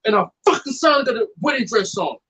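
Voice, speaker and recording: A man's voice: very high-pitched, animated, a little fast, over a noisy crowd, low-quality recording. A man preaching in a casual, profane, fired-up way, mixing scripture with blunt storytelling. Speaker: street preacher.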